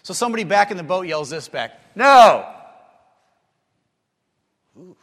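A man preaching a sermon, telling stories and acting out the people in them, building to excited, animated stretches. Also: high-pitched, racing. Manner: storytelling, acts out quotes, rises to excited bursts. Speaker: pastor. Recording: long hall reverb.

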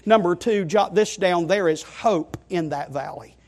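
Guy preaching a sermon in a really high voice, leans hard on words, keeps calling everyone friend. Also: a little slow. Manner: emphatic, addresses listeners as friend and child of God; asks listeners rhetorical questions.

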